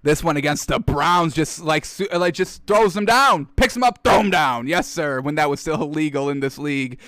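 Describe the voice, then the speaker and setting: A young American man hosting a casual football chat, reacting excitedly to highlight clips and calling his viewers folks. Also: moderate pace, clean tone, no room sound, clean studio sound. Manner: excitable, laughs often, addresses viewers as folks. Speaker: sports commentator host.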